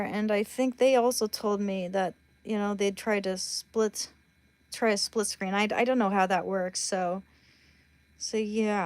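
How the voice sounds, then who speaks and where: A woman's voice: medium pitch, a little mellow, no echo. A woman hosting a livestream, chatting casually and bluntly with her viewers. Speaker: livestream host.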